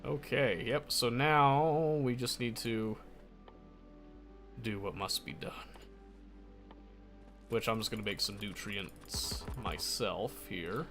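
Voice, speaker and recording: Slow, easygoing male game streamer. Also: on the low side, over music. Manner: muttering to himself, self-correcting. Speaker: gameplay streamer. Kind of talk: casual gameplay commentary.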